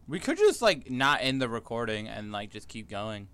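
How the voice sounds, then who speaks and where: A man's voice: medium pitch, big pitch swings, moderate pace, fairly bright tone, smooth, dry recording. A young man co-hosting a podcast in casual chat from his phone, rambling and making edgy jokes that he laughs at. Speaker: podcast co-host. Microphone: phone on a voice call.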